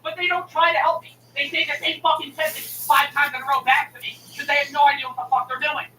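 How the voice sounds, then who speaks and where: A man's voice: extremely high pitch, level tone, fast, sharp tone, recorded from a distance. A young adult man, a streamer, telling a heated, profane story to the camera with indignant complaints. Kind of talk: angry storytelling rant to camera. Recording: roomy, from off the mic, faint noise.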